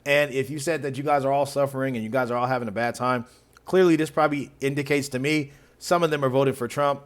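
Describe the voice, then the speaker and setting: A man's voice: medium pitch, steady tone, fast. A man hosting a reaction video who mocks the clips with sarcasm and frequent laughter. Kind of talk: reaction commentary.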